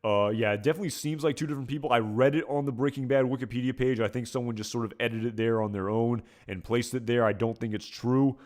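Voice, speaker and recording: A man's voice: mid-range voice, fairly even intonation, fast, hardly any pauses, darkish tone. A man giving casual episode commentary, rambling and hesitant with many fillers. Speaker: video commentator.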